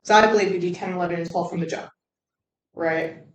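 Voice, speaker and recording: A woman's voice: on the low side, brisk, distant mic, slight background noise. Blunt, swearing woman in echoey room. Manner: blunt, heavy swearing, animated asides. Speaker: recovery channel host. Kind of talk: casual candid talk.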